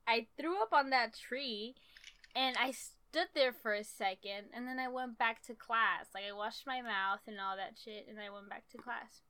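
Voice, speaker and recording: Bright, crisp-voiced young woman telling stories. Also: on the high side, moderate pace. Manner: animated, profane, laughing storyteller. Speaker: storyteller. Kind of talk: casual storytelling chat.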